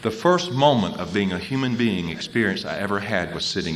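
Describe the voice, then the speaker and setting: A man's voice: on the low side, expressive, fairly quick, hardly any pauses, background noise. A man speaking at a recovery convention, telling his story and repeating phrases to drive them home. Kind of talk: personal recovery talk. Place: convention hall.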